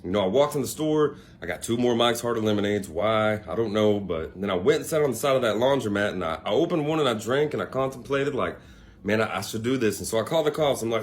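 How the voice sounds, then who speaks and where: A man's voice: medium pitch, animated, fast talker. Rambling laid-back man telling a story. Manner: rambling, laid-back, lots of fillers and asides. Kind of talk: casual storytime monologue.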